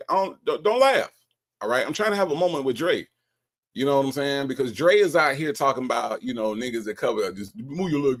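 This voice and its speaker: Male stream host, confrontational commentary, repetitive delivery. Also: mid-range voice. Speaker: livestream host. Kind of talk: commentary on call recordings.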